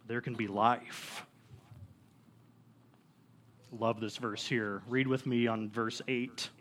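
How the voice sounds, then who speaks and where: A young man preaching a sermon to a congregation as a youth pastor, earnest and rising into excited bursts. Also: medium pitch, slow, long pauses.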